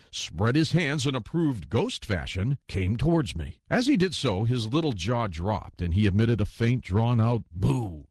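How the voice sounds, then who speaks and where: A man narrating a ghost story as an audiobook, reading in an expressive storytelling manner. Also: mid-range voice, husky, no echo, studio quality.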